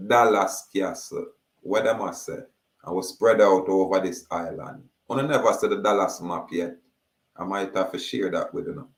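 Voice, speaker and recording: A man with a Jamaican accent holds forth in an emphatic monologue, stretching his words as he declaims. His voice sits somewhat low, and he talks very slowly. The recording has a strong room echo. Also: fairly even intonation. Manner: slow, drawn-out, declaiming. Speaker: speaker.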